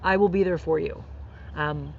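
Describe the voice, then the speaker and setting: A woman's voice: low voice, fairly even intonation, normal speed, creaky, dull audio, slight background noise. A middle-aged woman hosting a podcast, telling a heartfelt personal story in an earnest, emotional way and laughing through tears. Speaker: podcast host.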